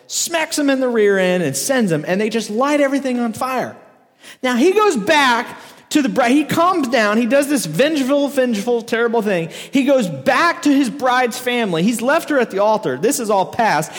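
A man preaching a casual, joking sermon to a crowd, telling a story with frequent laughs. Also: very high voice. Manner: joking, animated, laughs often. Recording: echoey hall reverb.

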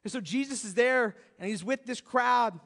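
Male pastor, very high voice, conversational sermon, reverberant church hall. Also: moderate pace. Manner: storytelling, animated, conversational.

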